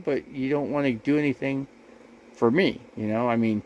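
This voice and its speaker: Man, livestream host, RV, casual chat to viewers, rambling, repetitive, defensive, mid-pitched. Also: moderate pace, lo-fi sound.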